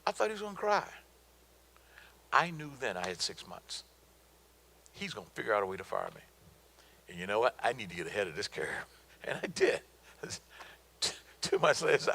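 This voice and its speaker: A man's voice: fairly low pitch, big pitch swings, moderate pace, creaky, long pauses, sharp tone, husky, rough recording. A middle-aged man giving a motivational talk on business to an audience, emphatic and colloquial, telling stories and hammering home his points. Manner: emphatic, colloquial, storytelling with repeated punchlines. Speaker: guest speaker on business.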